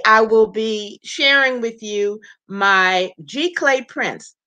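A woman from Maryland presents her artwork on a livestream in an explanatory, unhurried manner. Her voice is bright and fairly high. She speaks slowly and takes her time with each detail. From Maryland, USA. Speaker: visual artist presenting her prints.

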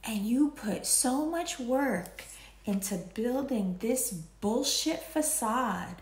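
Speaking slowly in a slightly high, expressive voice, this woman delivers a laid-back horoscope and tarot reading. She's a playful, talkative astrology and tarot reader who goes off on tangents and drops the odd swear word, recorded in an echoey space.

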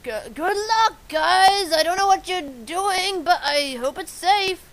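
A woman's voice: very high voice, slow pace, hardly any pauses, background noise. A woman doing fan dub voice takes, stumbling over her lines, cutting herself off and asking to start again. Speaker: fan dubber.

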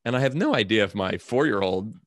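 A middle-aged man tells a personal story with earnest reflection in a lowish voice, voicing the people in it as he goes. The sound is dry and close, with no room echo. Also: expressive, fairly quick. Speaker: guest, author and speaker. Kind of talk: storytelling in a podcast interview.

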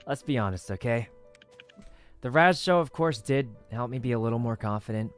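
A shy, soft-spoken young man chatting casually on a gaming stream, giggling as he thanks viewers. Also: medium pitch, normal speed, over music.

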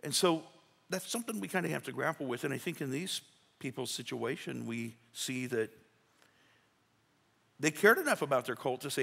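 A man's voice: mid-range voice, lively intonation, normal speed, vocal fry, long pauses, pushed and bright, husky. A male pastor preaching a sermon in a folksy, conversational way, acting out little quotes. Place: church sanctuary. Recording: reverberant church sanctuary.

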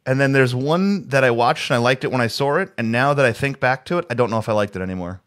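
A man's voice: medium pitch, animated, quick pace, a bit bright. A man co-hosting a casual pop culture chat over a video call, rambling and restarting his sentences. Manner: rambling, full of restarts and fillers. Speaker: co-host.

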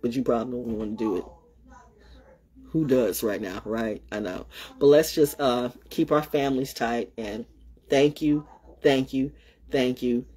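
A woman hosting her own show, talking in a rambling, animated way, often repeating herself, swearing freely, and swinging from loud bursts to low murmurs. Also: unhurried, long pauses, breathy edge. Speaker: show host. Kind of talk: rambling solo livestream talk.

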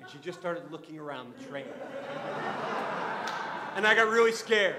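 Animated man telling a story in a hall. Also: a little high, normal speed, very noisy. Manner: animated, repeats words when starting sentences. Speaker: guest speaker. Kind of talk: storytelling talk to an assembly. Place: assembly hall.

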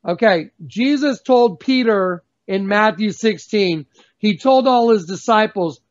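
A man giving a fervent, emphatic religious testimony as a guest on a video call, slowing down to stress key words. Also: high voice, animated. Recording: dull lo-fi sound.

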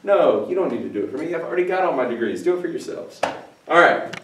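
A man's voice: a little high, fast, background noise. A man teaching a Spanish grammar lesson on video, explaining playfully and joking with his cameraman. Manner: playful, jokey, animated asides. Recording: echoey room, distant mic.

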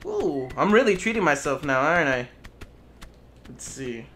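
Bright, lively, playful male gamer. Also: on the high side, normal speed, a little hiss or hum. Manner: playful, swears, taunts in character as a goose. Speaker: gameplay commentator. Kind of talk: casual let's play commentary.

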